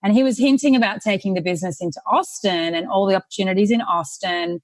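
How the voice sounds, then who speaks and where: A woman's voice: medium pitch, fast, dry recording. Australian woman telling her story. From Sydney, Australia. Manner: friendly storytelling, laughs easily. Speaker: guest, real estate investor. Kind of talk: casual interview conversation.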